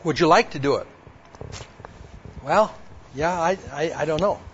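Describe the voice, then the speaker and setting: A man shares his personal testimony with an audience of women, playing both parts of a past conversation and reading verses aloud. He speaks a little slowly in a voice on the high side, captured on a dull lo-fi recording with slight background noise.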